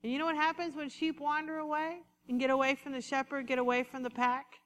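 Woman, preacher, high voice, bright tone, animated conversational sermon, long hall reverb. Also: fast talker.

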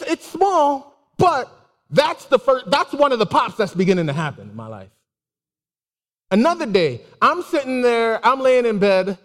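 A man giving a casual, animated sermon with personal stories, laughing and exclaiming often. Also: very high-pitched. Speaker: preacher. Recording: long hall reverb.

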